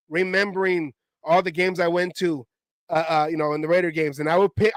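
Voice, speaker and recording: A man co-hosting a casual sports talk show, telling stories in a lively, rambling way and acting out crowd chants. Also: sits high, no room sound. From Oakland area, California. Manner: animated, acts out chants in his stories. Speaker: podcast co-host. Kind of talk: casual storytelling chat.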